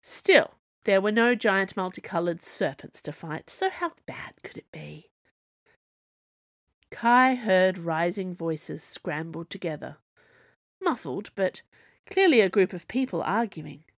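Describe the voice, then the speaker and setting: A woman reading her own serialised fiction aloud, in a measured storytelling manner. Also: on the low side, lively intonation, no room sound, studio quality. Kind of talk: scripted narration.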